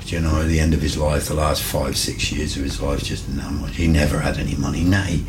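A middle-aged man, an interview guest, telling stories casually in an animated way, swearing freely and acting out what people said. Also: rumbling low, fast talker, noisy background. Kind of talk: casual storytelling.

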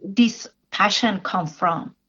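A woman interviewing a guest on radio, asking measured, attentive questions. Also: mid-range voice, bright, forceful tone, slightly rough, muffled recording.

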